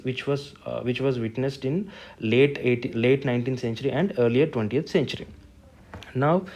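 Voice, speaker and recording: A man with an Indian English accent teaching a lesson, talking through a student's exam answer in a measured, explanatory way with fillers and restarts. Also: mid-range voice, a little mellow. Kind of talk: spoken lesson on answer writing.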